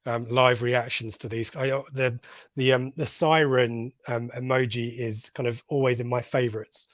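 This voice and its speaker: A man hosting a live podcast, easygoing and chatty, stopping to read out comments from viewers. His voice sits at a middle pitch and is recorded close and dry. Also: steady tone, normal speed, no echo. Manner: chatty, reads out viewer comments, laughs often. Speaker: podcast co-host. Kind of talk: casual live reaction chat.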